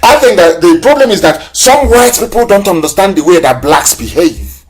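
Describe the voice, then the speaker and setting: A man's voice: high voice, animated, moderate pace. A man from Nigeria hosting a live political broadcast, speaking in impassioned, repetitive, scornful oratory. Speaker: broadcast host.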